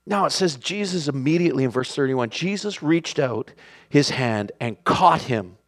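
A man preaching a sermon, animated, acting out the lines of the people in the story. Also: on the high side, normal speed. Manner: animated, acts out the characters' lines.

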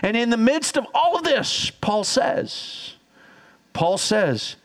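A man preaching a sermon as pastor, energetic and teaching, calling on the congregation to repeat after him. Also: very high voice, slow. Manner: energetic, teaching, audience call-and-response.

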